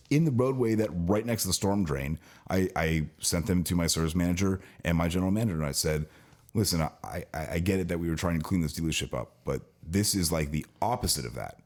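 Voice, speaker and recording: Very low-voiced man venting at length. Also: darkish tone. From California, US. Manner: venting, long rambling story with restarts. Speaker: podcast co-host, service department worker at a car dealership. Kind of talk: casual podcast chat.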